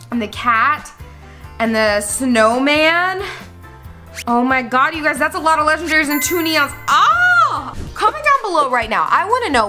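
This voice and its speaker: A bubbly woman talks her viewers through game-play in a high voice that swoops up and down all the time, breaking into squeals and gasps. Music plays clearly behind her. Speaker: gaming channel host. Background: background music.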